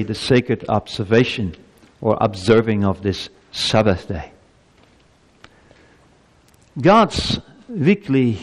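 A male pastor delivers a sermon in a church, and his voice rises and falls widely. He presses his points with emphatic rhetorical questions, and a long reverb trails each phrase. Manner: preaching with lively pitch swings and emphatic rhetorical questions.

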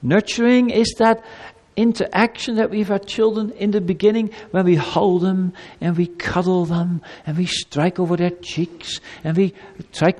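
A man preaching a sermon as pastor, animated, sometimes speaking God's words in a pleading tone. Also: high-pitched. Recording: long hall reverb.

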